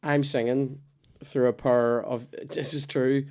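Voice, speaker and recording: A man hosting a podcast, chatting casually and rambling from one story to the next. He swears a lot, loses his thread, and breaks off now and then to cough. His voice sits at an ordinary middle pitch. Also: flat delivery, slow pace, a little mellow, clean tone. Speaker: podcast host. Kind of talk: casual chat.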